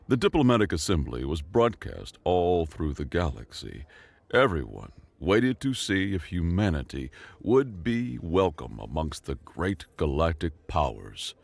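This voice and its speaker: Man, very low voice, gravelly, dramatic scripted narration, dry close mic. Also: big pitch swings, darkish tone, no echo. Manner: dramatic, measured storytelling. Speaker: story narrator.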